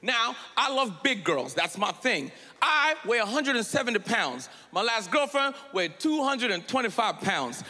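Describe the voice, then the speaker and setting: A male stand-up comedian performing a set on stage, shouting punchlines over audience laughter. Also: very high-pitched, sing-song, measured pace, hardly any pauses. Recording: live hall with long reverb.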